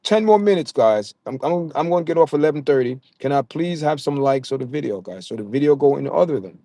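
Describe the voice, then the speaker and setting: Hosting a casual livestream, a Jamaican-accented man talks quickly to his chat viewers with lively intonation, often stammering and repeating words. His mid-range voice has a dark tone, captured in studio quality with no echo.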